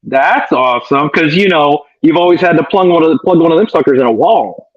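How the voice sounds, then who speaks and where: A man's voice: a little high, animated, fairly quick. A man co-hosting a live stream from a remote connection, joking and rambling in a casual way. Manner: joking, rambling, laughs easily. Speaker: co-host joining remotely. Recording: dull lo-fi remote call audio.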